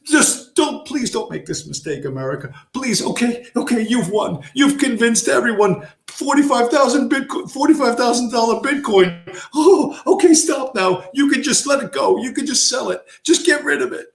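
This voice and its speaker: Man doing a squealing, frightened finance guy, mocking and shrill. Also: expressive, normal speed, vocal fry, few pauses, reverberant, full character voice. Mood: mock pleading. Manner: mocking falsetto, shrieking and pleading. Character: panicky whining Wall Street man, shrill and fretful.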